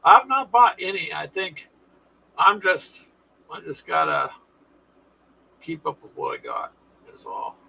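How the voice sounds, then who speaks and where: A man's voice: on the high side, very animated, slow, gravelly, long pauses, pushed and bright, a little hiss or hum, low-quality recording. A man hosting a casual live stream, chatting with viewers in a folksy, sarcastic way.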